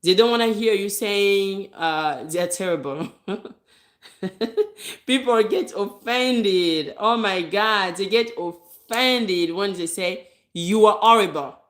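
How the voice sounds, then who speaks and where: A woman business owner speaks straight to her viewers in a casual advice monologue, her voice sitting at an ordinary middle pitch. She is blunt and emphatic, driving each point home by repeating it, with small laughs between thoughts. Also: slow, a bit bright. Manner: direct and emphatic, repeats key phrases. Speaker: hair braider.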